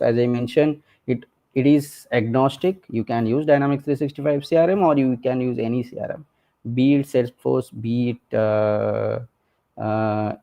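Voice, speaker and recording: A man's voice: medium pitch, vocal fry, warm tone. Chatty man walking through a tech demo. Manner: conversational, many fillers and tag questions like "right?" and "okay". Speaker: presenter. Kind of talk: technical walkthrough of a screen demo.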